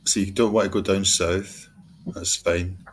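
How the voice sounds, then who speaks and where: A man's voice: sits low, fairly even intonation, a little slow, slightly rough. A man in a casual group chat, teasing the others with dry humour.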